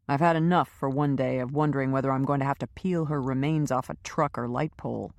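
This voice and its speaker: Woman doing a calm scary guy, quiet threats, firm, mid pitch, audiobook. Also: fairly quick, creaky, no echo, studio quality, lightly acted. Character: coolly menacing man, calm and cruel.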